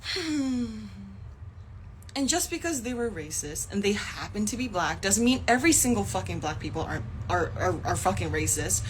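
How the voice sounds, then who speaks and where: Young woman, fired-up livestream rant, swings up and down in pitch, swears a lot, faint noise behind. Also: big pitch swings, fairly quick, few pauses. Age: young adult. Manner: angry, heated, swears often, laughs in frustration. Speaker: actor streaming live. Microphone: phone.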